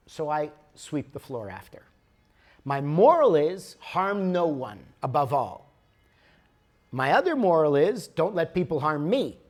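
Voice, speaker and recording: A man speaking to a live audience at a workshop, conversational and animated, swinging between loud emphasis and soft asides. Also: fairly high pitch, unhurried. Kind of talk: live motivational talk. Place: lecture room with audience.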